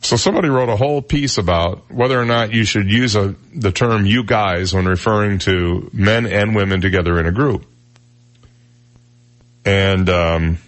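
A man's voice: sits low, fairly bright tone. A man from Michigan hosting a casual radio talk show, chatty and joking with lots of fillers.

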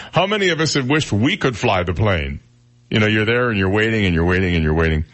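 Male radio host, lowish voice, chatty, jokey, reads news items aloud. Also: sing-song, moderate pace, fairly bright tone. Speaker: radio talk show host. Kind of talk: casual radio talk, reading news stories.

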